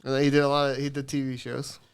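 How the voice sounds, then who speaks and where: A man's voice: mid-range voice, completely flat delivery, fast, clear, resonant tone. A man co-hosting a casual movie podcast, joking and offhand. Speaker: podcast co-host. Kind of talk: casual chat.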